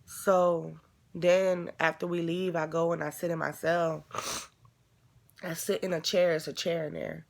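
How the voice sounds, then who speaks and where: A woman with a low, gravelly voice recounts a painful memory for her vlog. She talks casually and candidly and swears freely. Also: level tone, unhurried. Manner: casual, profane, candid retelling. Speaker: vlogger. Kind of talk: emotional personal storytelling.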